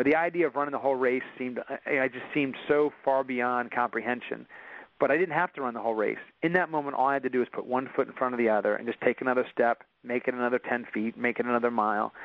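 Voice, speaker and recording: A man's voice: medium pitch, fairly even intonation, fast. A man as an interview guest, telling a personal story in earnest with frequent restarts. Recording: dull dry recording.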